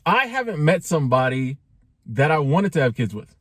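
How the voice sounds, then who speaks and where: A man's voice: a little high, big pitch swings, normal speed, dry recording, clean studio sound. A man in his forties talking casually in a joking, conversational way, full of slang and asides to his viewers. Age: 40s. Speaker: vlogger. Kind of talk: casual talking-head monologue.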